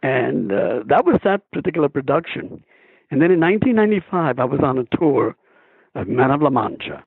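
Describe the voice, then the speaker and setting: A man, a stage and screen actor, telling stories as a guest in a phone interview, chuckling often and animated. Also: mid-range voice, a little fast, vocal fry, slightly rough, no room sound. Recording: tinny phone line.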